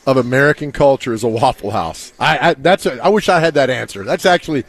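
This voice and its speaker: A man's voice: mid-range voice, lively intonation, fast. A man hosting a casual call-in radio show, telling stories with emphatic jokes. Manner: joking, emphatic storyteller. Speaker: radio host. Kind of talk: casual sports radio chat.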